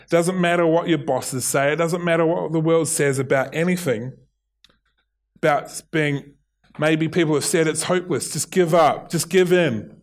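A man's voice: a little high, steady tone, moderate pace. A middle-aged man with a New Zealand accent preaching a sermon, earnest, often restarting and repeating his words. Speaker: pastor.

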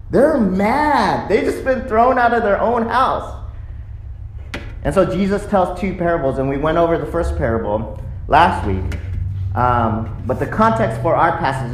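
A pastor preaching a sermon in a church sanctuary, telling a story with animated delivery and acting out quotes. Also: mid-range voice. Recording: echoey sanctuary room.

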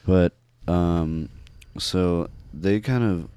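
Deep-voiced, laid-back musician man. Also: extremely slow, mellow, clear, resonant tone, no echo. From San Francisco. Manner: laid-back, rambling, lots of "like". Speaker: musician guest. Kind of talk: casual chat.

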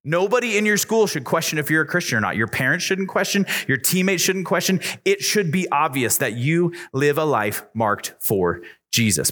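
A man preaching an emphatic, repetitive youth sermon in a church youth room. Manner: emphatic, repetitive preaching that climbs in pitch when excited. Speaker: youth pastor.

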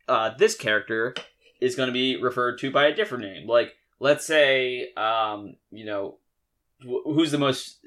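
A man co-hosting a podcast, chatting casually in an animated, rambling, jokey way. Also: medium pitch. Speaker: podcast co-host.

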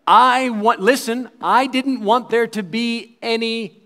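A man preaching a sermon, quoting scripture and acting out voices, swinging between loud bursts and quiet asides. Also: extremely high pitch, expressive, unhurried. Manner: acts out quoted voices and crowd replies.

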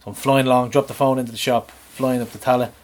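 Animated man telling a story. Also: mid-range voice, quick pace. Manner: animated, swears, shouts in retold quotes. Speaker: podcast co-host. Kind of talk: casual storytelling chat.

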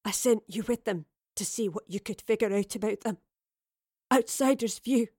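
A woman's voice: a little high, mellow, no echo, clean studio sound. A woman voicing a dying stern female commander, gasping. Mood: strained, urgent. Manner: halting, breathy, urgent. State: gasping, strained from a wound. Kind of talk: audio drama reading.

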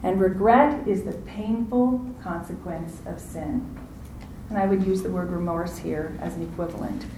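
A woman preaching a sermon, lively and acting out the voices in the story, calling on her listeners to answer back. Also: on the low side, moderate pace, reverberant, background noise. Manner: animated, acts out quoted voices, asks audience to respond.

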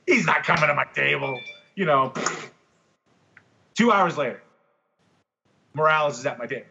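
A man chatting on a podcast, full of animated, profane stories. His voice sits a little high, with a bright, tense edge and a husky grain. The recording is dull and lo-fi. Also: normal speed, long pauses. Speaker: podcast guest, comic artist. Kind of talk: casual podcast chat.

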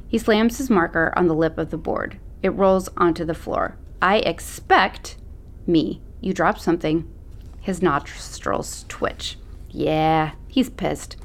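A woman's voice: fairly low pitch, takes it slowly. A woman narrating an audiobook in the first person, with a sassy, slangy teen attitude.

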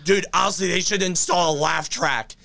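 A young man hosting a casual sports talk show, exasperated and laughing, shouting in disbelief until his voice goes hoarse. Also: high-pitched, moderate pace. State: voice going hoarse. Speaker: podcast host.

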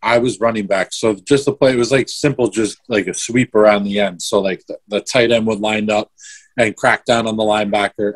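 A man's voice: lowish voice, husky. A young man telling a story in casual chat, swearing freely and replaying events step by step. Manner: swears a lot, vivid play-by-play retelling.

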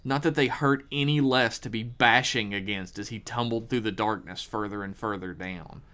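A man hosting a podcast, reading a horror story aloud with measured, dramatic pauses. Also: fairly low pitch, bright, forceful tone.

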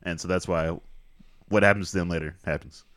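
Man, movie podcast co-host, dry humor, deep voice, close dry mic. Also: fairly even intonation, brisk, fairly bright tone, dry recording. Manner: laid-back, adds trivia and dry jokes. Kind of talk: casual movie review chat.

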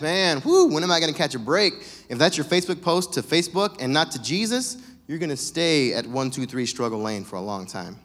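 Guy preaching, jokey and loose, voice a bit high, big church hall echo. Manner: casual, joking, animated storytelling. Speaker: pastor. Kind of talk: sermon.

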